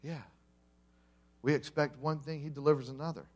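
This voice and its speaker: Pitched on the high side and speaking at normal speed, a male pastor delivers a conversational sermon at a church service. He's an animated storyteller who performs the quotes with humor.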